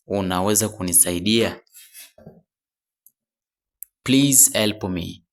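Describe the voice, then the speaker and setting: A man teaching beginners in a phrase drill. He says each short phrase slowly, often repeats it, then gives the translation, and sometimes corrects himself mid-phrase. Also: on the low side, fairly bright tone. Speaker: English teacher.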